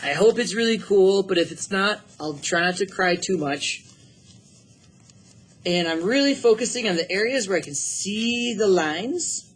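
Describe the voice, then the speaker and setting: A man's voice: high voice, lively intonation, unhurried, a bit bright. A middle-aged man teaching a drawing lesson, upbeat and encouraging, thinking aloud as he works. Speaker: art teacher.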